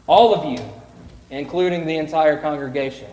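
A man's voice: fairly high pitch, moderate pace. Playful man with big echoing hall reverb. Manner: playful, animated, swings between loud cries and hushed whispers. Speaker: children's pageant director. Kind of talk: reading a storybook aloud to children. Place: large church sanctuary. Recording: echoey hall reverb, faint room ambience.

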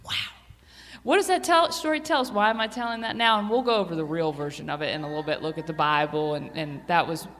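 A woman giving a children's sermon, chatty and animated, asking the kids questions as she tells a story. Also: low-pitched, quick pace. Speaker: children's church teacher. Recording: long reverb of a hall.

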